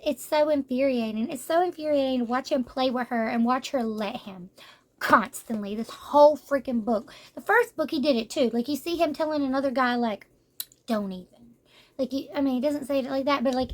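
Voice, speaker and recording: A young woman giving a casual, animated manga review, exasperated and slangy. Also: sits high, a little fast. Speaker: book reviewer.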